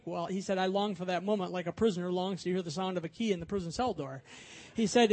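High-voiced male pastor preaching. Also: a little mellow. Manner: storytelling, acts out quoted voices with rising emphasis. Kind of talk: sermon.

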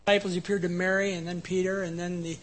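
A man preaching an earnest sermon, who later leads a quiet prayer. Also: high voice, flat delivery, fast, low-quality recording. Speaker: pastor.

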